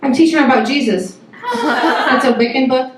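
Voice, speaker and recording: A woman's voice: high-pitched, normal speed, a crowd in the background. A woman telling a frank, profane comic story about motherhood at a live storytelling show, laughing often. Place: live storytelling stage before an audience. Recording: very echoey venue, distant mic, noisy.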